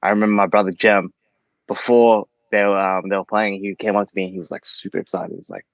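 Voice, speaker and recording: A man's voice: on the low side, little pitch movement, quick pace, no room sound, highs cut off. A man guesting on a podcast in casual chat, often stumbling and restarting his sentences. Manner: stumbling, restarting, self-interrupting. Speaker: podcast guest, band member.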